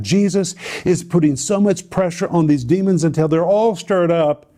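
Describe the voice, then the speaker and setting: Male Bible teacher, slightly high and warm, dramatic emphatic delivery for a teaching show. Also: normal speed, hardly any pauses. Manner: emphatic, dramatic storytelling with repeated phrases.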